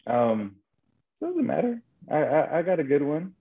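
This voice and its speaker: A man's voice: fairly high pitch, huge pitch swings, measured pace, breathy edge. A man from El Paso, Texas telling a story in casual chat, rambling and ending lines with "right?". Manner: rambling, repeats words, tag questions "right?". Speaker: podcast co-host. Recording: phone-like narrow band.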